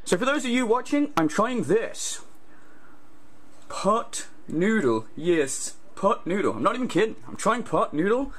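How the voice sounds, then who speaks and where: A man's voice: sits high, very animated, unhurried, voice pushed up, exaggerated voice. A man playing a self-important male YouTuber reviewing food, rambling and complaining in a pompous way. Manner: pompous, rambling, grumbling asides. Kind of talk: parody impression.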